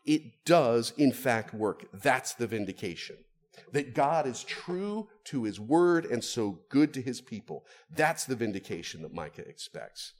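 A man preaching a sermon, moving between quiet, low asides and raised, stressed phrases for emphasis. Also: lively intonation, unhurried.

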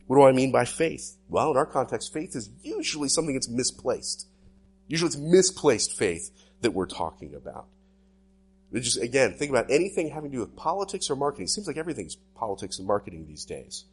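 Husky-voiced man preaching animatedly. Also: a little fast, soft background music. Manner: animated preaching, sweeping pitch swings. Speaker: pastor. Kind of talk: sermon.

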